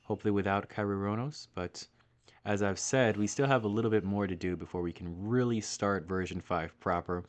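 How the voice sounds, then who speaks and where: A man's voice: on the low side, fairly quick. A man hosting a casual game playthrough, joking and swearing now and then as he comments. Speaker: let's-play host.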